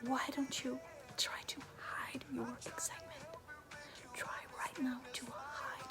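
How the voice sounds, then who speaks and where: Slow, hushed woman channeling a message. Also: high-pitched, fairly even intonation, music in the background. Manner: slow hushed repetitive delivery, often whispered; speaks as a collective "we". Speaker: medium.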